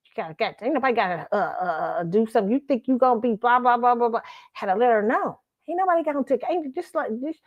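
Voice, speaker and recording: Woman host w/ AAVE, fairly high voice, blunt and loud, laughs a lot, kinda dull lo-fi audio. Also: fast. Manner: blunt, animated, swears, laughs often. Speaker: show host. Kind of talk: casual commentary monologue.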